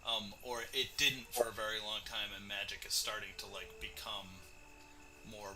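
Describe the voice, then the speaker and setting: A man's voice: on the low side, steady tone, normal speed, over music, rough recording. A man as game master, chatting casually and rambling with many fillers while setting up a tabletop game.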